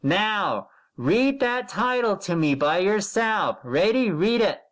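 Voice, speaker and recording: A man leads a recorded reading lesson for first graders from his computer. He speaks at an unhurried pace with a lively, swinging intonation. He repeats every direction and stretches each word when he reads a sentence aloud for the children to copy. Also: high-pitched. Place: recording at a computer while sharing the screen.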